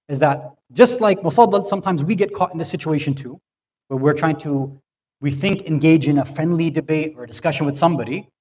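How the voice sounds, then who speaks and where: A man's voice: a little high, a little mellow, breathy edge. A man giving a sermon-style talk, telling a story conversationally and often checking in with "right?". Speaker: speaker at an Islamic center. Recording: long hall reverb.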